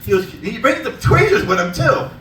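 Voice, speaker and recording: A man performing a stand-up comedy set in a small theater, telling stories loudly and laughing at his own jokes. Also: extremely high pitch, moderate pace, a little hiss or hum. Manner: loud, animated storytelling, laughing at own jokes. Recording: echoey room, mic from a distance.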